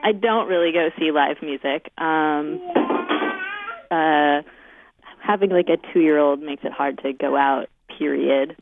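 A woman's voice: deep voice, measured pace, noisy background. A young woman caller chats casually, with lots of likes and ums and a giggle here and there. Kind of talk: casual phone call. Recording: tinny phone line.

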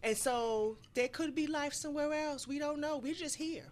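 A middle-aged woman, a guest on a casual podcast, musing earnestly and slowing down to reflect. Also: high-pitched. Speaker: guest, the host's mother. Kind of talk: casual round-table chat.

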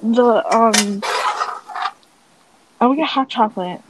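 A woman's voice: a little high, takes it slowly. Laid-back woman with faint hiss. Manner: laid-back, profane chatter. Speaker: podcast co-host. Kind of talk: casual chat.

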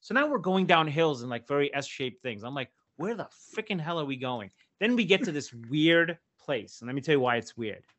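A man in his fifties telling a long story in casual podcast chat, animated and profane, acting out the people in it. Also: fairly high pitch, fairly quick, hardly any pauses. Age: 50s. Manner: animated, profane, acts out voices in his stories. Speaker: podcast co-host.

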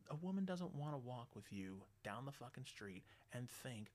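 A middle-aged man hosting a radio show, ranting bluntly and swearing constantly, loud and animated. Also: mid-range voice, moderate pace, few pauses. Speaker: radio host. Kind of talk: profane ranting monologue.

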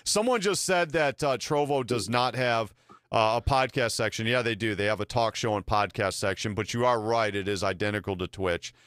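A man's voice: fairly low pitch, normal speed, a bit bright, dry recording, clean studio sound. A man hosting a livestream, talking in a laid-back way with many fillers and reading out chat comments. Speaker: streamer host.

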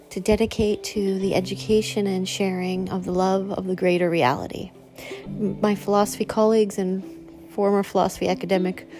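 Mellow-voiced woman hosting a reflective podcast. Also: mid-range voice. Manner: earnest, meandering, with laughs and restarts. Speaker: podcast host. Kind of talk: reflective solo podcast talk.

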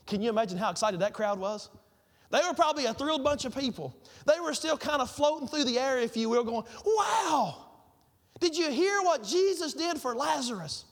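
A man with a high voice preaching a sermon as pastor. He tells everyday stories and repeats key phrases for emphasis. His voice rings with the long reverb of a large hall.

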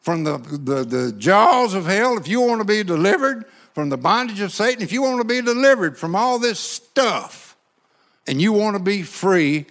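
A man playing a fiery revival evangelist giving a slow, booming altar call. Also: big pitch swings, fairly bright tone, heavily acted. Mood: commanding.

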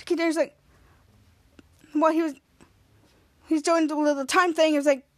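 A woman's voice: high voice, fairly even intonation, brisk, pauses often. A woman podcast host casually recapping an episode scene by scene, with lots of "cut to" and "he's like.". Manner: rambling scene-by-scene retelling full of "cut to" and "he's like".

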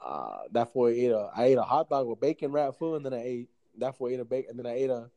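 A man's voice: medium pitch, animated, fast, warm tone, no room sound, lo-fi sound. A young man telling rambling, profane stories in a casual podcast chat. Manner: rambling, profane, slangy storytelling. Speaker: storyteller.

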